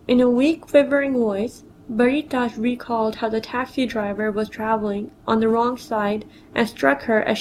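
A woman's voice: fairly high pitch, darkish tone, slight background noise, rough recording. A woman reading a personal memoir story aloud, telling it plainly and quoting others in her own voice.

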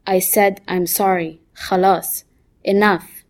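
A woman voicing a sullen teenage boy who answers in a flat, bored tone. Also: medium pitch, slow pace, lightly acted.

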